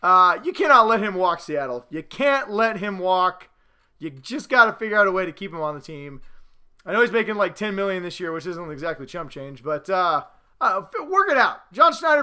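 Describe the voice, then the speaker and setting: A man hosting a casual sports vlog at home, boastful, excitable and rambling as he talks to the camera. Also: high-pitched. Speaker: host.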